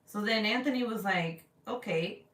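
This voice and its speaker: A woman in her thirties hosting a livestream, telling animated, profane family stories and reading out viewer comments in casual chat. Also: medium pitch, moderate pace. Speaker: livestream host. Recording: roomy, distant from the mic.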